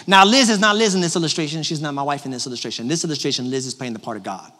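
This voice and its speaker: A man in his thirties, a pastor giving an animated, personal sermon with jokes for the congregation, his voice a little hoarse from a cough. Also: fairly high pitch, rapid-fire. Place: large church auditorium. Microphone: handheld microphone. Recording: long hall reverb from a large church.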